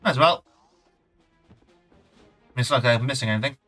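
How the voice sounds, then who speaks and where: Faint game music plays behind this casual gameplay commentary from a male streamer who rambles and makes fun of himself as he talks to viewers. His voice is medium-pitched and bright, with a forceful tone at a normal speed. The recording quality is rough.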